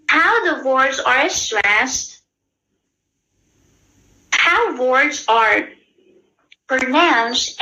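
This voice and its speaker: A woman teacher with a Persian accent speaks slowly, her voice bright and a little high. She explains patiently and keeps checking in with her class. The room sounds echoey. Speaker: English exam teacher.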